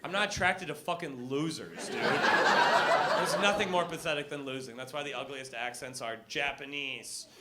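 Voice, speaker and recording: A young man doing a stand-up comedy set, brash and profane, working the crowd and shouting his punchlines over audience laughter. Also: mid-range voice, moderate pace, very noisy. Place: comedy club with live audience.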